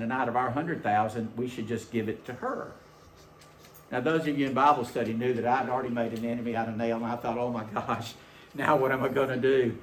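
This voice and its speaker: Male pastor, animated folksy storyteller, mid-pitched, reverberant church sound. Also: slight background noise. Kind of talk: sermon. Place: church sanctuary.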